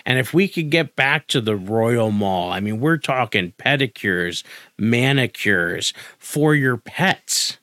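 A man of middle pitch co-hosting a comedy podcast, riffing in a playful, rambling way. His voice is recorded close and dry with little room sound. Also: expressive, slow pace, a bit bright, no room sound. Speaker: podcast co-host. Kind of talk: comedic improv pitch, casual chat.

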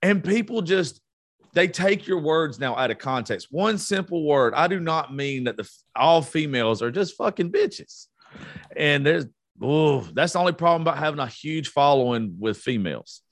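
A man's voice: fairly high pitch, animated, moderate pace, no room sound, studio quality. A man in his thirties in a casual podcast chat, blunt and profane, getting worked up as he talks. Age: 30s.

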